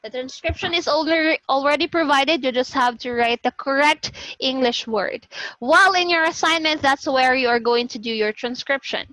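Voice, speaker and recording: A woman's voice: high-pitched, moderate pace, bright, forceful tone, dry recording. A woman teacher with a Cebuano Filipino accent gives an online class lecture, switching between English and Cebuano and checking in with her students. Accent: Filipino, Cebuano-speaking. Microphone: video call. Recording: dull lo-fi video call audio.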